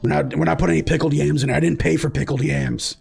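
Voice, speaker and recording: A man voicing a brusque, gravelly male ship boss who haggles and dismisses people. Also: on the high side, steady tone, fast, darkish tone, faint music behind, full character voice. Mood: gruff.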